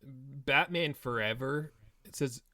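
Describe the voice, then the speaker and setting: A man's voice: medium pitch, sharp tone, no room sound. Man reading trivia, dry recording. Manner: reads notes haltingly. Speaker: podcast co-host. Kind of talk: reading facts aloud in casual chat.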